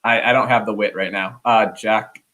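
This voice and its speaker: A man joining a livestream as a guest, joking and energetic in casual chat. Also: on the low side, normal speed.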